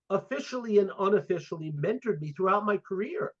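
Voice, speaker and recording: A man's voice: high voice, brisk. A man in his fifties, a sport psychologist guest, telling stories in a casual interview and acting out the dialogue. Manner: animated storyteller, acts out quoted dialogue. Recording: dull lo-fi audio.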